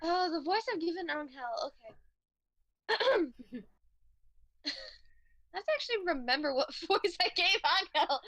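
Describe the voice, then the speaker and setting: High, bright, giggly woman. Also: lively intonation, normal speed, long pauses, dry recording. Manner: playful, giggly, teasing. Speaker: podcast co-host. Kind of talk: casual group podcast chat.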